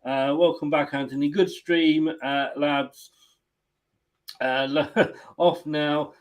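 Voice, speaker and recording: A man's voice: on the high side, fairly even intonation, slow. Jokey man hosting a stream. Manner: jokey, teasing, laughs often. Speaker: host of a football watchalong stream. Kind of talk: casual chat.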